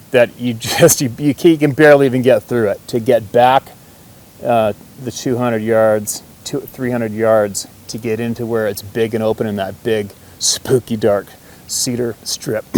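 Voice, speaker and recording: Man, low-pitched, folksy rambling storyteller with casual swearing; faint background rumble. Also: darkish tone. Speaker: hunter.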